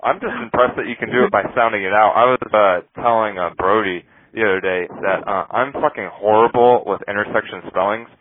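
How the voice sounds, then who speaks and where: A man's voice: lowish voice, brisk, hardly any pauses, narrow, tinny audio. A man co-hosting a podcast, telling profane, laughing stories about flying. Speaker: podcast co-host and pilot. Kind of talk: casual storytelling chat.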